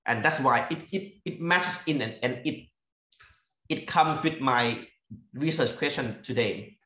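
A university lecturer from northeastern Thailand, speaking with a Thai accent, shares stories from his fieldwork in an academic talk. He halts and repeats words while searching for the right phrase, his medium-pitched voice expressive and sharp. The echoey, somewhat dull sound suggests a lecture room.

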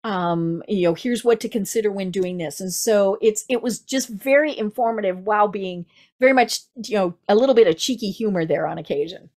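A woman's voice: mid-range voice, fairly quick, darkish tone. A woman with a Midwestern American accent hosting an interview in a chatty way, full of fillers and restarts. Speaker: podcast host. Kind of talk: casual interview chat.

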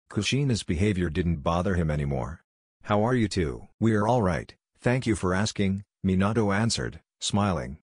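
Male narrator for a fan fiction reading: deep, breathy-edged voice, dry close sound, steady delivery. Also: dry recording.

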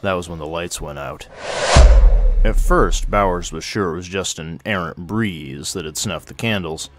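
A man reading a short story aloud at a measured, steady pace. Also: low-pitched, music in the background. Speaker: narrator.

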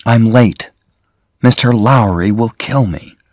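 A man's voice: slow, dry recording, studio quality. A man voicing a worried young woman, raising his voice to plead with her lover. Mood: hurried. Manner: raised pitch, earnest and emotional.

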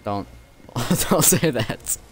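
A young man playing a co-op game with a friend, teasing and animated, with bursts of laughter. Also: mid-range voice, slow pace, faint music behind. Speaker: gaming YouTuber. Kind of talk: casual co-op gameplay banter.

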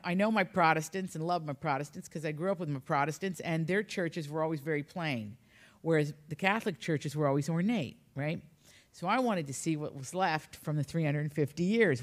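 A woman author from Appalachia, telling humorous, rambling anecdotes in a relaxed conversation. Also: low-pitched. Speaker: author guest. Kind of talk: storytelling in conversation.

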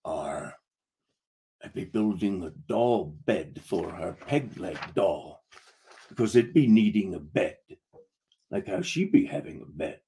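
A man voicing a gruff pirate who has gone soft, growling "ar" in a low, hushed pirate drawl. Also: very animated, normal speed.

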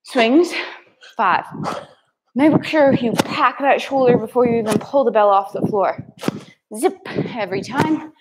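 A woman instructor talks a class through kettlebell moves, counting reps and naming each step in short, brisk cues. Her voice sits a little high, and she takes her time between phrases. Now and then she is out of breath from the workout. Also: noisy background. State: out of breath at times. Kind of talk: live workout class cueing.

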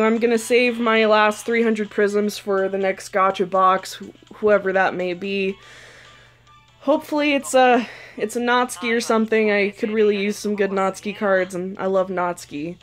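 A young woman hosting her own gaming channel, chatting emotionally to herself and the game characters as she opens card pulls. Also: medium pitch. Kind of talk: casual gacha-pull commentary. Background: faint game music.

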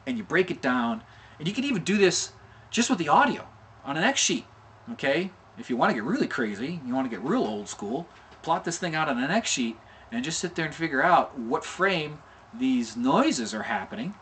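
A man's voice: on the high side, sing-song, normal speed, fairly bright tone, slight background noise. A middle-aged man giving a casual animation tutorial, chatty and informal, often checking in with "okay?" and sounding out mouth shapes as he explains. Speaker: animation instructor.

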